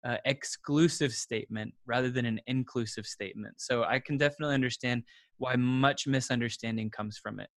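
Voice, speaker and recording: A man's voice: medium pitch, brisk, fairly bright tone, dry recording, studio quality. A man in his thirties, a podcast guest, who talks earnestly in a casual interview and repeats words as he thinks.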